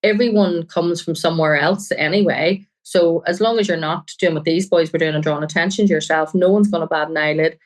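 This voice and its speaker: A woman's voice: lowish voice, steady tone, fairly quick, few pauses, low-quality recording. A woman journalist, a guest on a crime podcast, talking earnestly and often quoting people she met. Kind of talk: podcast interview.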